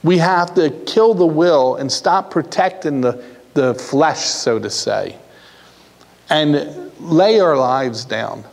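A man preaching a sermon as pastor, earnest and repetitive, with pauses and restarts. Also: fairly high pitch, expressive, vocal fry. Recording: hall reverb.

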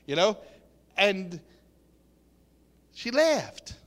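A man's voice: sits high, expressive, extremely slow, long pauses, sharp tone. A man preaching an earnest sermon, repeating and restarting words and acting out quotes, recorded in a reverberant hall.

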